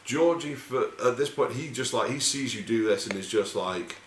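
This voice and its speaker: A man's voice: medium pitch, moderate pace. A man running a tabletop game as game master, narrating casually with loose, rambling asides and swearing. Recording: echoey room with faint noise.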